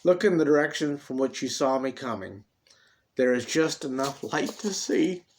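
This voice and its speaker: A man's voice: medium pitch, normal speed, slight background noise, close to an everyday voice. A man voicing a saucy, defiant young redheaded woman who is also a tender, consoling mother. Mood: gentle. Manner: sassy, later soft and consoling.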